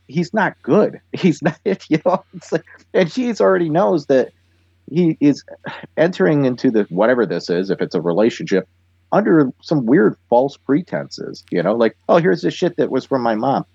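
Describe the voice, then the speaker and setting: A man's voice: a little high, big pitch swings, moderate pace, vocal fry, a little mellow, husky, no room sound, muffled recording. A man co-hosting a podcast, recapping an episode in casual chat with wry, laughing commentary. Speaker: podcast co-host.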